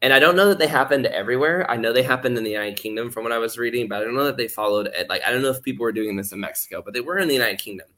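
Talking very fast with hardly a pause, a man with a mid-range, sharp-toned voice appears as a podcast guest. His casual explanation rambles, crammed with "like" fillers, and he acts out the voices he quotes.

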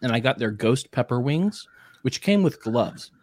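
Man, podcast host, casual joking chat, mid pitch, dry close sound. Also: expressive, normal speed, darkish tone, dry recording. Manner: joking, eats spicy jerky while talking.

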